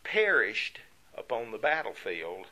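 Lively, bright-voiced male preacher. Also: lowish voice, unhurried, low-quality recording. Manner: emphatic, asks and answers rhetorical questions. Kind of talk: sermon.

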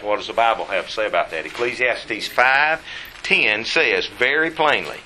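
A man's voice: lowish voice, lively intonation, moderate pace, bright, forceful tone, slight background noise, poor audio. A man teaching a Bible class in a folksy, rambling way.

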